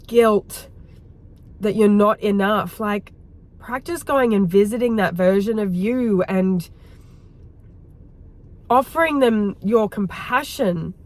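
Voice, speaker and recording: A woman hosting her own video and leading a heartfelt guided reflection, rambling gently and filling her talk with "like". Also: mid-range voice. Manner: rambling, heartfelt, full of "like" fillers. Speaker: wellness host.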